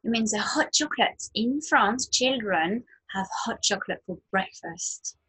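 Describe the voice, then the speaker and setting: A woman teacher giving a slow nursery language lesson, modelling words in a sing-song way for small children to repeat. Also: on the high side, expressive, sharp tone, husky. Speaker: French teacher.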